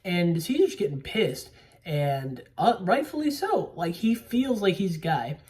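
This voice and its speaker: A young male movie podcaster recaps a film's plot in a high voice with big pitch swings, speaking unhurriedly with a slightly mellow tone. He rambles casually, using lots of fillers and the odd swear word, and sounds a bit distant from the mic.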